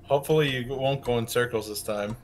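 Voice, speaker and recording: A man's voice: medium pitch, fast, slight background noise. A man chatting casually and teasing a friend who is playing a game. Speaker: co-commentator friend. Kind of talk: casual chat.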